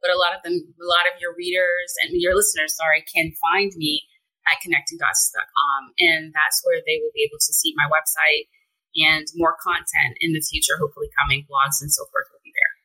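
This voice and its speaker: A woman with a lowish, husky voice talks as a guest therapist on a podcast. She speaks with a forceful edge, calm and measured, setting out practical tips in order. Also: poor audio. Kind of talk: advice-giving interview talk.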